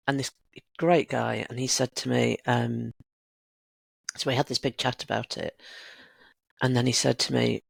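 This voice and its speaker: A woman's voice: very deep voice, a little slow, vocal fry, husky, no echo. A woman in her sixties, a guest creative coach, talking reflectively and telling stories in a casual conversation. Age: 60s. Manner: reflective, animated storyteller.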